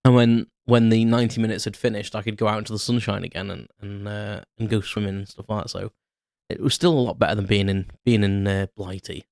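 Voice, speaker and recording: Here the same kind of host, a British man in his thirties, talks fast in a lowish, gravelly, slightly mellow voice with fairly even intonation. His unscripted podcast story wanders, packed with restarts and fillers, captured on a close mic at studio quality without echo.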